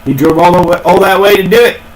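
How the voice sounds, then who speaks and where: A man's voice: sits high, fairly even intonation, quick pace, a little hiss or hum, poor audio. A man ranting in a casual, rambling way, swearing a lot and repeating himself. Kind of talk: casual profane rant.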